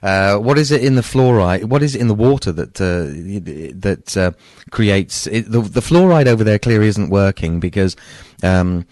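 Deep-voiced talk show host. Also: male voice, animated, darkish tone, dry recording, studio quality. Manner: halting, rambling, many pauses. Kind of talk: casual radio talk chat.

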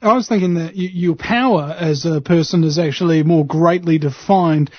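A man's voice: fairly high pitch, moderate pace, no room sound. A male talk radio host rambling through an opinionated monologue, full of fillers and restarts. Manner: opinionated ranting. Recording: slightly muffled radio broadcast.

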